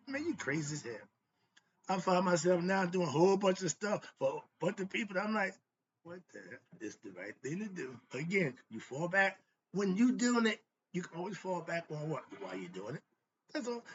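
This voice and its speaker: A man's voice: on the high side, bright, forceful tone, dull audio, a little hiss or hum. A man giving a motivational philosophy talk, emphatic and preachy, in casual slang, answering his own rhetorical questions. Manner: casual street slang, laughs often. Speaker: host.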